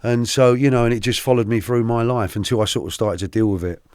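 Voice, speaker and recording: A middle-aged man, a podcast guest telling his life story candidly, animated and often restarting his sentences. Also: medium pitch, smooth, no echo, clean studio sound. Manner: animated, halting with many restarts.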